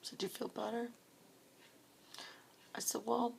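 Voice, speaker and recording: A woman telling her own story of supporting grieving people, speaking softly and often dropping to a whisper, tearful at times. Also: on the high side, level tone, moderate pace, gravelly, pauses often, slight background noise. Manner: soft, hushed, often breaking into a whisper. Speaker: grief support volunteer. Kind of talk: personal storytelling.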